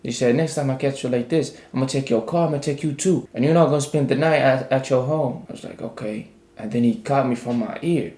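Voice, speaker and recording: A man's voice: mid-range voice, fast, reverberant. A young man casually telling a personal story in a rambling, slangy way, acting out the dialogue. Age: young adult. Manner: rambling, slangy, animated retelling with quoted dialogue.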